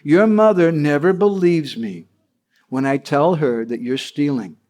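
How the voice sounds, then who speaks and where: A man's voice: fairly high pitch, measured pace, darkish tone, natural voice. A man voicing a village cowherd woman who insistently scolds as she tells a story. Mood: triumphant.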